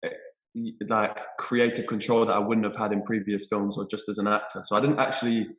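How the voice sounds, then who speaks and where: A young Englishman with a fairly low voice answers interview questions in a casual, hesitant way, often repeating his words. His voice carries a noticeable room echo. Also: fairly even intonation, a little fast. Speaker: actor guest. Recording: roomy echo.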